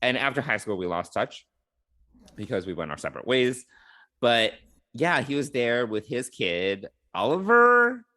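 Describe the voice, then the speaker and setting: A man's voice: medium pitch, sing-song, measured pace, sharp tone. A man co-hosting a podcast in casual chat, blunt and wry, laughing now and then as he talks. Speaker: podcast co-host.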